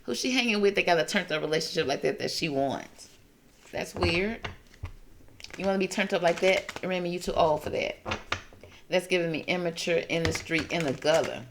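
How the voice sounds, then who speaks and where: A woman's voice: lowish voice, moderate pace, background noise. A woman hosting a tarot reading, talking in a sassy, gossipy way and calling listeners honey and baby. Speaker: tarot reader host. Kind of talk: casual tarot reading commentary.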